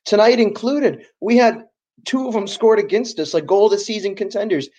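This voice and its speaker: A man's voice: sits high, normal speed, mellow, lo-fi sound. Enthusiastic man in casual soccer chat. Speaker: podcast co-host.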